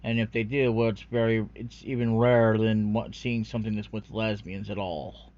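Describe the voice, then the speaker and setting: A man's voice: on the low side, flat delivery, normal speed, darkish tone. A man ranting in a rambling, unscripted way about anime, profane and full of fillers, on a dull lo-fi recording. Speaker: anime commentary vlogger.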